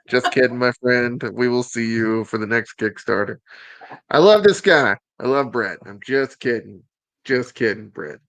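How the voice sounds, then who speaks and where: An upbeat man with a Southern accent hosts a casual show, joking and teasing as he presents. His voice sits at an everyday middle pitch and sounds dry and close. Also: unhurried, fairly bright tone, dry recording. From Alabama. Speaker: host.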